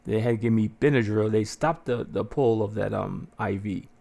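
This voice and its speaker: A man hosting a podcast, telling a story casually with plenty of swearing and animated delivery, jumping into a raised voice to act out what people said. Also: fairly low pitch, moderate pace, vocal fry. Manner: profane, animated, acts out quotes in a raised voice. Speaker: podcast host.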